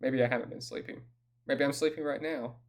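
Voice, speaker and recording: A man's voice: medium pitch, steady tone, brisk. A man with a Southern US accent giving a casual solo update as an author, with a dry, self-deprecating humor.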